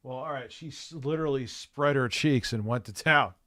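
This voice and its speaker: A man's voice: medium pitch, moderate pace, a crowd in the background. A man hosting a casual livestream chat, talking in a crude, laid-back way with lots of swearing. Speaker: livestream host.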